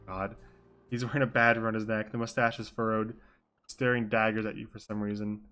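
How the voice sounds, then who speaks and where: A man's voice: on the low side, little pitch movement, fairly quick, bright, forceful tone, soft background music. Self-mocking young man streaming. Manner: self-mocking, swears casually. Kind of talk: live role-play stream with commentary.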